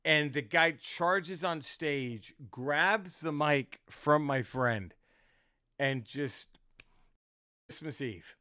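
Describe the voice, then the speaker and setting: A male comedian hosts a podcast and tells an animated, profane story in a fairly high voice. His delivery is forceful and punchy. The recording is close and dry, with no room sound. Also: drawn-out words, clean tone, dry recording. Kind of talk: storytelling casual chat.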